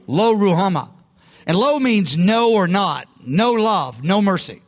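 A man's voice: sits high, big pitch swings, unhurried. A man preaching a sermon in a conversational, emphatic way, often breaking off and restarting his sentences. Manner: conversational, emphatic, self-interrupting. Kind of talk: sermon teaching.

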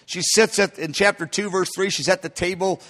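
A male preacher delivering an emphatic sermon. His voice sits very high and sounds bright and sharp. He often addresses his listeners as beloved. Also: steady tone, normal speed.

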